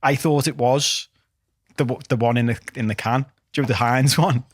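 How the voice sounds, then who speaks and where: A man co-hosting a podcast, animated and sweary in rambling casual chat. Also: medium pitch, moderate pace, dry recording, studio quality. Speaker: podcast co-host. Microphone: podcast microphone.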